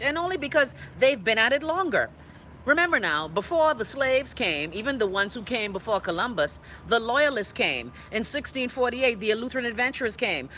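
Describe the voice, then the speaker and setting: A woman's voice: medium pitch, sharp tone, a little hiss or hum. A Bahamian woman hosting a live online show, chatting casually and outspokenly as she reads viewer comments aloud. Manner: chatty and outspoken, with playful dialect asides. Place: indoors.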